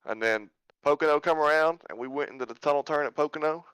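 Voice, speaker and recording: A man's voice: a little high, quick pace, fairly bright tone, clear, resonant tone, dry recording, low-quality recording. A man who drives in a sim racing league, chatting casually on a podcast and telling stories in an easygoing way. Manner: easygoing, storytelling.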